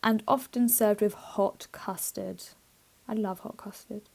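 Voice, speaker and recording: A woman with a mid-range, gravelly, darkish voice co-hosts a podcast, chatting playfully as she reads out a list. She giggles often and swears freely, though her intonation stays fairly even and her pace is unhurried.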